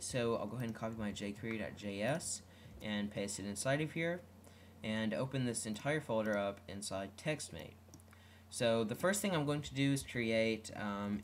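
A man's voice: mid-range voice, a little hiss or hum. A man giving an unscripted coding tutorial who talks through each step with frequent ums and self-corrections. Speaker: web development tutorial host. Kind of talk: screen-recorded coding tutorial.

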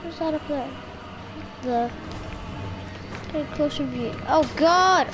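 A woman giving gameplay commentary on her channel, excitable and talking to herself as she plays. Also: high voice, slow, noisy background. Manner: excitable, talks to herself while playing. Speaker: gaming YouTuber.

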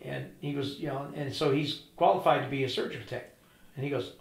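A man's voice: medium pitch, fairly even intonation, brisk, vocal fry, reverberant, rough recording. An older man telling a story in an interview, acting out each person's lines in turn. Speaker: interview guest. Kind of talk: storytelling with quoted dialogue.

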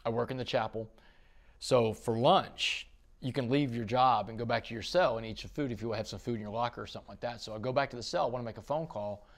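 Middle-aged man, gravelly, animated interview storyteller. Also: mid-range voice, fast. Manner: animated storyteller, quotes others, swings loud and soft. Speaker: podcast guest.

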